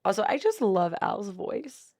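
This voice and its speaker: A woman's voice: mid-range voice, very animated, measured pace, darkish tone. A woman co-hosting an anime reaction video, chatting casually and exclaiming at what she watches. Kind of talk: casual chat.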